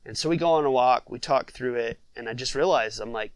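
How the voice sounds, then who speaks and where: A man's voice: medium pitch, fairly quick, dry recording, low-quality recording. Man, dad of six, casual storytelling, lots of fillers, dry close sound. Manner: conversational, many fillers, reflective storytelling. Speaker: podcast guest, father of six.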